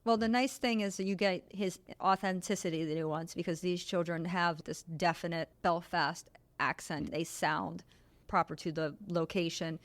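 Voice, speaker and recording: A woman's voice: on the low side, fairly even intonation, moderate pace. A woman hosting a podcast, casually retelling an old film's story with many asides and tangents. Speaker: podcast host. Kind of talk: casual film discussion.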